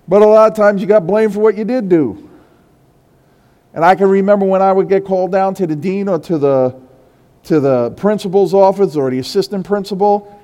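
A man with a fairly high voice preaches to his congregation, swinging from hushed confession up to loud, raised exhortation. His voice rings out with a long reverb through the church sanctuary. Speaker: pastor. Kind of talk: sermon.

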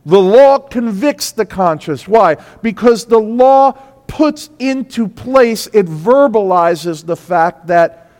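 A man preaching a sermon in a large hall, his voice ringing with long reverb. He speaks slowly and deliberately in a high register, hammering points home through repetition. He swings between hushed lines and loud, emphatic peaks. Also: lively intonation. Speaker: pastor. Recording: echoey hall.

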